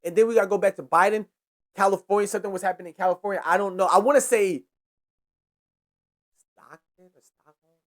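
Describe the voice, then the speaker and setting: A man's voice: sits high, fast, long pauses. A young man hosting a podcast, ranting in a heated, profane way and repeating himself for emphasis. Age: young adult. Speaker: podcast host. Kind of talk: casual ranting monologue.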